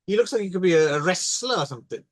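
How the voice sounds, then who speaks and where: A man's voice: high voice, lively intonation, racing, no room sound. A man hosting and editing a podcast, chatting casually in a rambling, hesitant way. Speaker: podcast host and editor. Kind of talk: casual chat.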